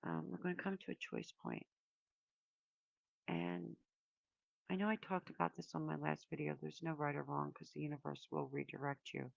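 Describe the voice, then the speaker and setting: A woman with a deep, heavily gravelly voice talks her viewers through a spiritual card reading, meandering and reflective, pausing often to find her words. The sound is dry and a little dull, like a lo-fi home recording. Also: very animated, dry recording. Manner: meandering, reflective, with frequent pauses and fillers. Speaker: oracle card reader.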